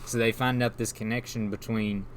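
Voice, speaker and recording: A man's voice: lowish voice, little pitch movement, normal speed, slight background noise. A man in casual chat, rambling through an enthusiastic plot recap and laughing along. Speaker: podcast co-host.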